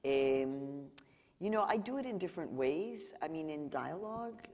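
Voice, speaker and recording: A woman's voice: deep voice, moderate pace, big-room sound. A journalist from Mexico, a woman, telling stories at a live library talk and acting out the people she quotes. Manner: animated storyteller, acts out quoted dialogue. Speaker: journalist, featured speaker. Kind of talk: live Q&A storytelling. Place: library event hall.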